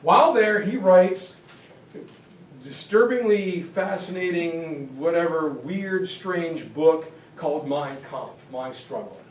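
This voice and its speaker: A teacher with a high voice delivers an animated history lecture at a slow pace, joking, acting things out, and bursting into shouts. He sounds echoey and a little distant, as if picked up by a mic across a classroom, with faint noise beneath.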